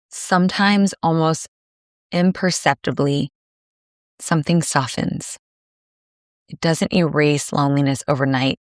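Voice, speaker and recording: A woman hosting a solo podcast, speaking in a gentle, soothing, measured way with pauses. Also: sits low, no room sound, clean studio sound. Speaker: podcast host. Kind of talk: reflective solo podcast monologue.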